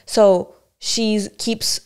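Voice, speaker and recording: A woman's voice: medium pitch, flat delivery, very slow, darkish tone, smooth. A young woman co-hosting a casual podcast chat, talking in a candid, rambling, self-reflective way with many restarts. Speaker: podcast co-host.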